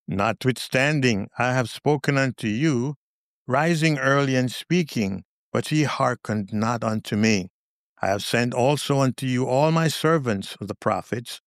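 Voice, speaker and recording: A man giving a scripted Bible reading in measured, deliberate short phrases. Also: mid-range voice, vocal fry, dry recording, clean studio sound. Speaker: scripture reader.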